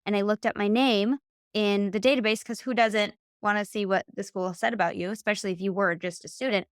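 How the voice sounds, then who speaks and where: A woman in her late thirties, a hypnotherapist guest on a podcast, telling her story in a casual, animated way and acting out quoted dialogue. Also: mid-range voice, brisk, clean tone, no echo, clean studio sound. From Michigan.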